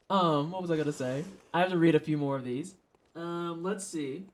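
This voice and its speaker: Talking to chat while gaming, this streamer keeps things casual, profane and full of jokes. The voice is mid-range and moves at a moderate pace.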